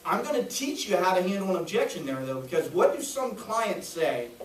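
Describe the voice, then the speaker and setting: A man with a high voice teaches sales to a roomful of trainees, cracking jokes and checking in after nearly every point. He sounds far from the mic in an echoey room, with faint noise behind him. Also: sing-song, fairly quick. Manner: jokey, keeps checking in with "right?". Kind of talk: training lecture to a group.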